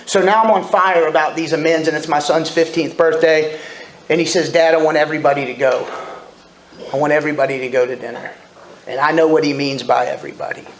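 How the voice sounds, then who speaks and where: At a recovery meeting, a man in his forties tells his story openly and pokes fun at himself, his voice on the high side, steady and brisk. There's slight background noise, and the meeting room echoes with faint ambience.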